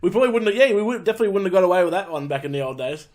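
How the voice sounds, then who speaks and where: A man's voice: high-pitched, animated, rapid-fire, darkish tone. A man co-hosting a casual chat podcast, reacting in an upbeat way. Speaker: podcast co-host.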